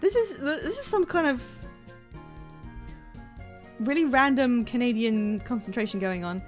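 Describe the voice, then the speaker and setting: A woman chatting casually on a live stream while playing a game, excitable and self-deprecating, rambling from one thought to the next. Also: a little high, a little slow, faint music behind. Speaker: livestreamer playing a video game.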